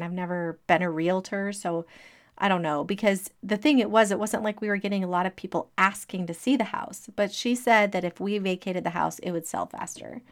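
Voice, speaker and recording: A middle-aged woman telling a personal story as a motivational talk, lively and laughing as she acts out what people said. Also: medium pitch. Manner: animated, acting out quoted speech, laughing between lines.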